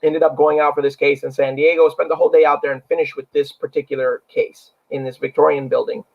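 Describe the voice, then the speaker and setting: Gravelly man telling a story. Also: a little high, flat delivery, fast. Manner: rambling, earnest, many fillers. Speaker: actor and paranormal investigator, guest. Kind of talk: casual interview storytelling. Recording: dull lo-fi recording.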